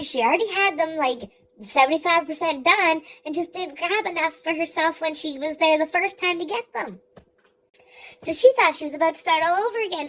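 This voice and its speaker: A young woman vlogger telling a funny story, exasperated and swearing freely in rapid rants. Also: very high-pitched, low-quality recording. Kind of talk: comic storytelling.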